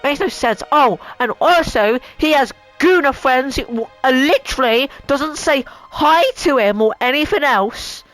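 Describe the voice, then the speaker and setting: Woman vlog host, casual exasperated rant, lots of swearing, slightly high voice, soft music underneath. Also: poor audio. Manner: rambling, profane, exasperated. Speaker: channel host. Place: home room.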